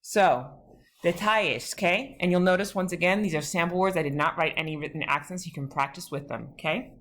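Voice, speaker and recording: A woman teaching a Spanish lesson, explaining step by step with frequent pauses and fillers, mixing English and Spanish words. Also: on the low side, a bit bright. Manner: patient, explains step by step with many ums. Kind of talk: recorded online lesson.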